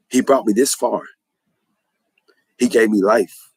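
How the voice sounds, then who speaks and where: A man's voice: fairly low pitch, steady tone, slow, long pauses, darkish tone, slightly rough, dry recording, low-quality recording. A man giving an impassioned religious testimony in a preacherly way, repeating phrases for emphasis.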